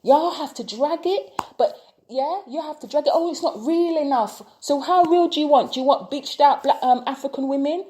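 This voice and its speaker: With a high, somewhat mellow voice at normal speed, a tarot-reading vlogger from the UK rants passionately on camera. Her opinion piece leans heavily on repeated rhetorical questions.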